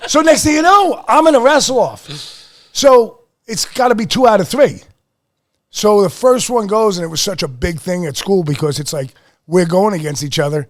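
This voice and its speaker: Middle-aged male podcast host, high-pitched, swears freely, plays out every quote in his stories. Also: normal speed. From Lehigh Valley, Pennsylvania. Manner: animated, profane storyteller who acts out quotes. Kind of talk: casual podcast storytelling.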